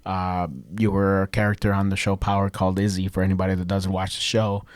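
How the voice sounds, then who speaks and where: A man in his thirties co-hosting a casual podcast, telling stories with loud, laughing acted quotes and plenty of swearing. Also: low-pitched, quick pace, clean tone, no room sound. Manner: animated storytelling, acts out quotes with loud laughing shouts. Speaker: podcast co-host. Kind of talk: casual chat. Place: Chicago.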